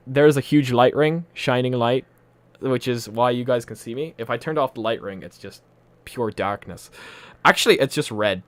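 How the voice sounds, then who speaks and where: A man's voice: medium pitch, fairly bright tone, dry recording. A man from Poland with a mixed, partly Irish accent, casually chatting and rambling on a live stream with frequent laughs from a home room. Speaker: livestream host. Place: home room with a ring light.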